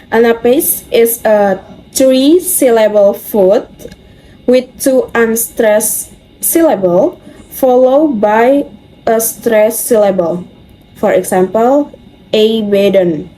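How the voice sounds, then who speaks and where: Young woman reading her group's class talk, calm warm tone, slow and steady. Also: fairly high pitch, soft background music, rough recording. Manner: steady, reads aloud from a script with small slips. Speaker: student presenter.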